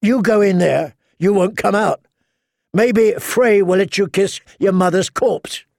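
A man's voice: high-pitched, a little slow, vocal fry, a little mellow, dry recording, studio quality, pitched above the performer's own voice. A man voicing a brutal, battle-hardened warrior who growls and barks his words with contempt. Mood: scornful. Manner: growling, barked orders.

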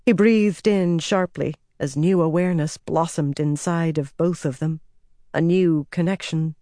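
A man narrating a fantasy audiobook in an even, measured storytelling voice. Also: fairly high pitch, no room sound, clean studio sound.

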